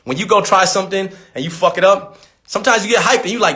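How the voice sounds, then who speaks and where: A man's voice: high voice, quick pace, sharp tone. A man in his thirties on a live stream, talking casually and telling a story with lots of swearing and acted-out quotes. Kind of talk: casual livestream talk. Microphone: phone on a live stream.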